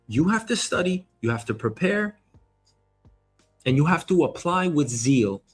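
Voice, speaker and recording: A man hosting a show, giving an energetic motivational monologue, emphatic and casually swearing. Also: a little high, a little slow, slightly rough, soft background music. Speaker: show host.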